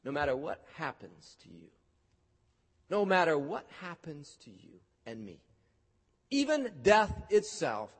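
A man preaching a sermon in a large hall, his voice carrying a long reverb tail. His pitch sits on the higher side, and he swings from loud, rising questions to slow, hushed phrases almost under his breath. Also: big pitch swings, slightly rough. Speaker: pastor.

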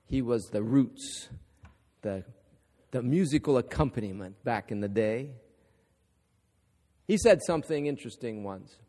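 A man's voice: mid-range voice, animated, measured pace, long pauses, dark tone. A middle-aged man preaching a sermon as pastor, emphatic and driving to calls for agreement. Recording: echoey hall.

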